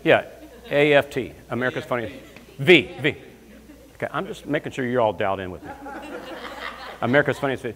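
A man preaching as a guest minister, telling comic stories and breaking into loud shouts of praise. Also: medium pitch, expressive, fairly quick, long pauses. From Alabama, US South. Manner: storytelling with bursts of shouting praise. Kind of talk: lively comedic sermon. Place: church sanctuary. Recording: long church hall reverb.

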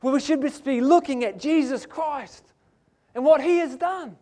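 A man's voice: very high-pitched, moderate pace, dark tone. A man with a New Zealand accent preaching a sermon in a church, emphatic and asking the congregation "amen?".

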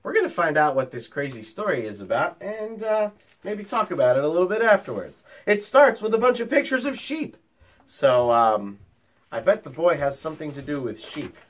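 A teacher reading a picture book aloud to young children, with chatty asides to them. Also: male voice, fairly high pitch, big pitch swings, moderate pace. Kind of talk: storytime read-aloud.

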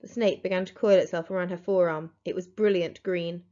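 A woman teacher reading a storybook aloud to pupils, telling it in an expressive, dramatic way. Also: on the low side, a little fast. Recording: dull lo-fi recording.

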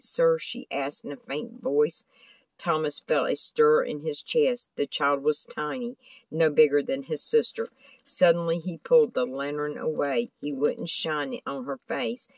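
A woman's voice: deep voice, no echo, poor audio. Woman reading a storybook aloud. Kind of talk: scripted narration of a children's book.

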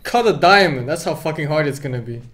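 Male game streamer, slightly high voice, crude boastful banter, profane. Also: animated, fast talker, a bit bright, faint music behind. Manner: crude, boastful joking with lots of swearing. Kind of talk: casual gaming chat.

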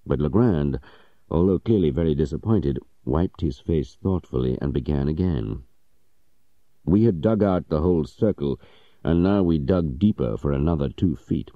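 A man narrating a story audiobook in a measured, even storytelling manner. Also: very deep voice, no echo, narrow, tinny audio.

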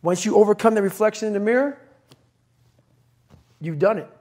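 A man's voice: high-pitched, a little fast, heavy background noise. A man speaking as a podcast guest, blunt and intense, swearing freely and driving home short punchy commands. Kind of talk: motivational interview talk.

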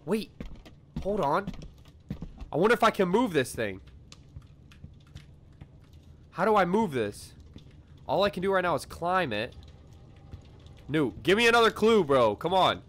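A young man giving casual gameplay commentary, excitable and swearing a lot as he shouts at the game. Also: high voice, moderate pace, long pauses. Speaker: gaming video creator.

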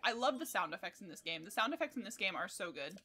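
A woman's voice: medium pitch, sing-song, fast, sharp tone, a little hiss or hum. Chatty young woman streaming a game. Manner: chatty, swears, laughs a lot, reads chat. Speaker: livestreamer. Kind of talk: casual gameplay commentary.

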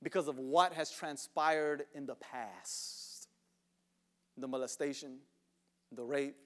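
A man pastor preaching a sermon, dropping to hushed whispers and rising to shouts, repeating words for emphasis. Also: on the high side. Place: church sanctuary.

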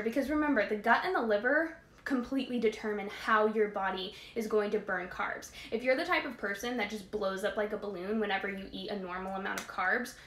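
A woman's voice: medium pitch, fairly bright tone, roomy sound. A young woman wellness coach answering viewer questions in a casual live Q&A, chatty and emphatic with many fillers.

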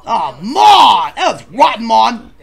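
A performer voicing a crude, rowdy male bachelor contestant, who tells profane stories and bursts into shouts. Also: medium pitch, very animated, normal speed. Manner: profane storytelling with sudden shouted outbursts. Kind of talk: comic machinima voice acting.

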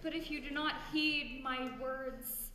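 High-voiced woman declaiming on an echoey stage. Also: steady tone, takes it slowly, very noisy. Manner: theatrical, grandiose proclamations. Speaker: medical student performer in a comedy musical. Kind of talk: stage musical acting and singing. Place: theater stage with live audience. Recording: echoey hall recording with music.

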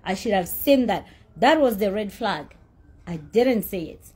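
A woman's voice: medium pitch, animated, a little slow, mellow, husky. A woman telling her side of a dispute in a blunt, profane, indignant rant. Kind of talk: heated storytelling rant.

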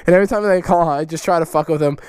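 A man hosting a casual fan mail vlog, excitable, loud and swearing constantly. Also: a little high, racing, smooth, no room sound. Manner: excitable, loud and heavily profane. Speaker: YouTuber host.

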